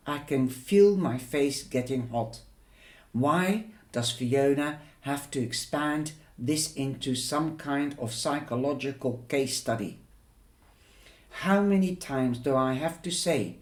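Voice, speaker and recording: Guy reading a book out loud, slow and steady, roomy echo. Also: mid-range voice. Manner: unhurried, plain reading with occasional stumbles. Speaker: book reader. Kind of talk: reading a novel aloud.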